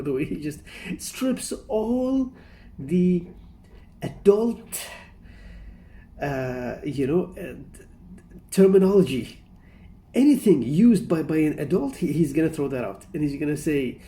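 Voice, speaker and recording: A man's voice: fairly high pitch, warm tone. A man hosting a casual reaction commentary, rambling and amused, often breaking into laughter. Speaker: reaction video host.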